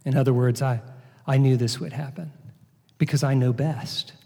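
A man preaching a sermon, teaching from a Bible passage in a slow, earnest way with repeated words. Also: medium pitch, steady tone, creaky, mellow, slightly rough. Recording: long hall reverb.

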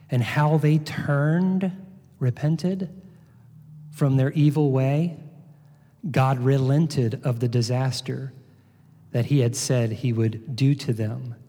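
A man preaching a sermon, teaching from a Bible passage in a slow, earnest way with repeated words. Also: mid-range voice, mellow. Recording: long hall reverb.

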